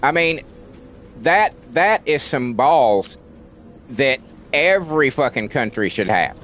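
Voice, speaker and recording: A man's voice: medium pitch, big pitch swings, takes it slowly, a bit bright, soft background music. Male streamer, American-raised, ranting hard with lots of cursing and repetition, ordinary mid-range voice. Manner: heated, profane, repeats words for emphasis. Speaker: livestreamer. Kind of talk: casual ranting commentary on stream.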